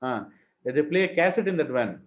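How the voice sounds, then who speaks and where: A man's voice: on the high side, expressive, normal speed. A man with an Indian English accent teaching a scripture class, chanting Sanskrit verses and asking the class questions. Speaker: spiritual teacher. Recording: muffled lo-fi room recording.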